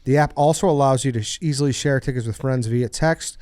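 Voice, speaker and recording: A man's voice: medium pitch, a little fast, a little mellow, no echo. A man hosting a sports podcast, chatting easily with friends and reading an ad. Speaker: podcast host. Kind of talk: casual chat and read ad.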